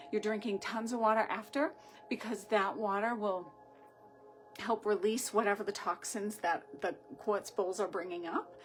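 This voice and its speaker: A woman's voice: medium pitch, a little hiss or hum. A woman with a Boston accent, a sound healer talking casually and chattily on a home livestream, rambling loosely and often asking "right?".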